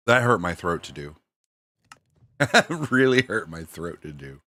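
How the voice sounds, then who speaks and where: A man's voice: low-pitched, very animated, slow, long pauses, pushed and bright, no echo. A middle-aged man streaming a game, chatting casually in slangy talk and laughing often. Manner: laid-back slangy, laughs a lot. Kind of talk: casual live-stream chat.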